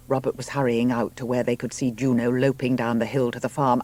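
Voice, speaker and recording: A man reading a novel aloud as audiobook narrator, in a measured way. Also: medium pitch, flat delivery, a little mellow. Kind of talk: scripted narration.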